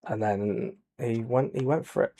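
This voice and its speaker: A man giving soft-spoken ASMR commentary over a racing game, quiet and low-key, with dry jokes. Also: unhurried. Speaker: gaming channel host.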